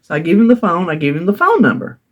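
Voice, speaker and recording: A woman's voice: on the low side, big pitch swings, fast, phone-quality sound. A middle-aged woman, telling a story to her vlog audience in a chatty way and laughing often. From North Carolina, US. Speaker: vlogger. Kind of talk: casual storytelling.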